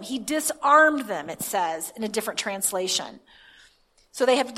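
A woman preaching a sermon, reading scripture aloud and then explaining it in a halting, conversational way. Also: on the high side, fairly bright tone. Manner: halting, with many restarts and fillers; reads scripture aloud with emphasis.

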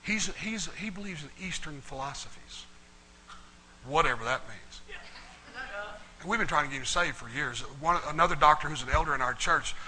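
A middle-aged male pastor preaching a sermon, telling a story in a folksy, animated way. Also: on the high side, moderate pace, rough recording. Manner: folksy, animated storytelling with Southern turns of phrase.

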